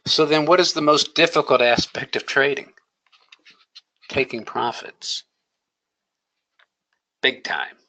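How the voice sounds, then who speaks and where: A man's voice: mid-range voice, slow, long pauses, bright, forceful tone, poor audio. A man teaching a day trading lesson, coaching emphatically and asking rhetorical questions. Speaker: trading educator. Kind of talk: screen-share trading lesson.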